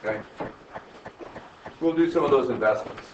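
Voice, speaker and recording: A man's voice: mid-range voice, normal speed. An older man, a college professor, giving a rambling, chatty classroom lecture and laughing at his own stories. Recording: echoey classroom from far off, dull and faintly noisy.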